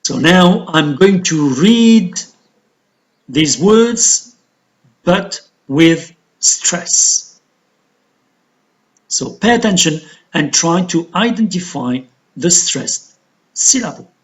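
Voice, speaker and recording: Slow, deliberate Algerian woman teaching. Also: lowish voice, animated. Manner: slow, deliberate, repeats words for drilling. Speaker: English teacher. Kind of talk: recorded pronunciation lesson.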